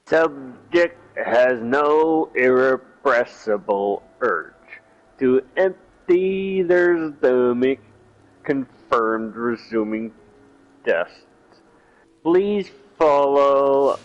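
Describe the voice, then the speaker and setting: A man putting on the voice of a drunk robotic lantern, giving stumbling monotone announcements. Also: mid-range voice, drawn-out words. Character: drunk robotic lantern device, stiff and clumsy. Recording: dull lo-fi audio.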